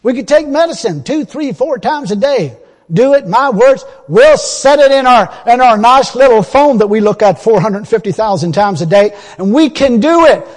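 Husky, high-voiced preacher man in a church hall. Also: animated, moderate pace. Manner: impassioned, swings between loud exhortation and low confiding asides; folksy, colloquial grammar. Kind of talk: sermon.

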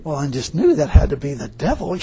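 A man's voice: on the high side, wildly swooping pitch, fairly quick, mellow, a little hiss or hum. A man preaching a sermon and telling a personal testimony, rambling with many fillers and repeated words.

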